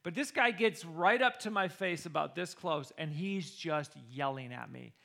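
Man, football coach, animated storyteller: high, forceful voice, quotes people with their own voices. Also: moderate pace, gravelly. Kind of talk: personal storytelling.

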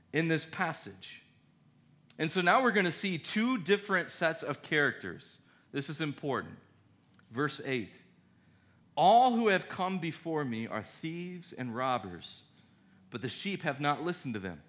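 A man delivering a sermon with a bright, forward tone that swoops up and down. He preaches conversationally, often checking in with his listeners. His voice sits a little higher than most men's. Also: measured pace. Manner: conversational, animated preaching with audience questions. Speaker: pastor.

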